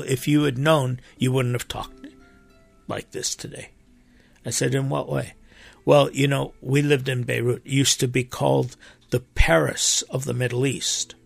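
Earnest male preacher in casual talk, very gravelly and husky, dry sound with faint music behind. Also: medium pitch. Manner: earnest, emphatic, with animated rises and quoted voices. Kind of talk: impassioned conversational talk.

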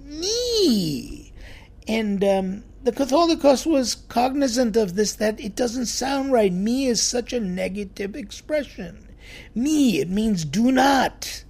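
Man, church storyteller, sermon, gravelly, husky, animated. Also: high voice. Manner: animated storyteller, acts out quotes. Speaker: church speaker telling a story.

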